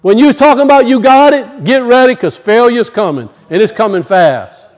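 High-voiced male pastor preaching. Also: expressive, moderate pace. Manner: conversational preaching, acts out voices, drops low for asides. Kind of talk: sermon.

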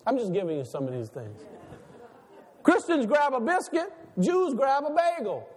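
High-pitched guy preaching, lots of questions and laughing, echoey hall. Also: moderate pace, a faint crowd. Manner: animated preaching, rhetorical questions, laughs between lines. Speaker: pastor. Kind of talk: sermon. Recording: long hall reverb.

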